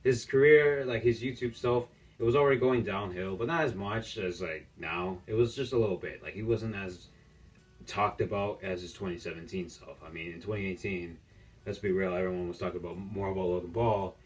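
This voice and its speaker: A man's voice: low voice, a little fast. A young man giving casual, mocking reaction commentary as a YouTuber, joking and ranting about the clips he watches. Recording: distant mic with faint music.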